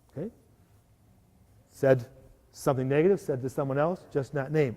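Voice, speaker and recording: A man giving a lively live workshop talk to a parish group, often asking the audience to agree. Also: mid-range voice, moderate pace, long pauses. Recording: live hall recording with long reverb.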